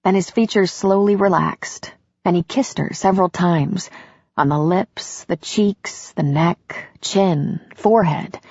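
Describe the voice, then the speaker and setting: A woman narrates a romance audiobook in a slow, intimate reading. Her voice sits low and husky, close and dry. The recording has a dull, lo-fi sound. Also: a little mellow, no echo.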